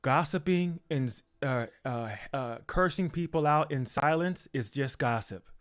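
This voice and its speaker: A man preaching an informal sermon, emphatic and repetitive, acting out quoted excuses in a higher voice. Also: unhurried.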